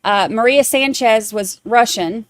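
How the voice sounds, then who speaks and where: A woman's voice: a little high, unhurried, dry recording. Woman, podcast host, casual rambling chat, lots of fillers, dry close mic. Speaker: true crime podcast host.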